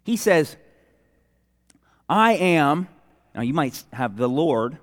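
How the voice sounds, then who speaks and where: A man preaching a sermon with earnest emphasis, slowing down whenever he quotes scripture. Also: a little high, big pitch swings, big-room sound. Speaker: pastor.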